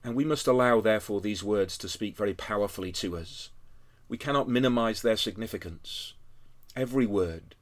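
A man's voice: on the low side, normal speed. Man preaching, earnest, emphatic peaks, uh fillers, sermon delivery. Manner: earnest, rising to emphatic peaks with tag questions; frequent "uh" fillers.

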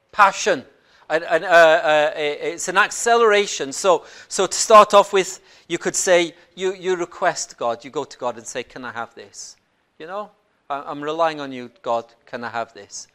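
A man preaching a sermon, earnest and conversational, moving from quiet reflection to loud emphatic points and often repeating words as he goes. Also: high-pitched.

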